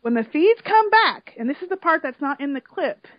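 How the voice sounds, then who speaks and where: A woman's voice: sits high, very animated, moderate pace, dry recording. A woman in casual chat, telling an emotional story with swearing and lots of feeling. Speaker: podcast co-host recapping a reality show. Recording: dull lo-fi sound.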